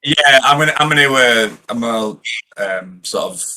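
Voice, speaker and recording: A man at a tabletop game with a very bright, sharp voice. He is excitable and giggly, and he rambles loosely through his character's actions in mid-pitch. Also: normal speed. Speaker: player. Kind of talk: casual tabletop play.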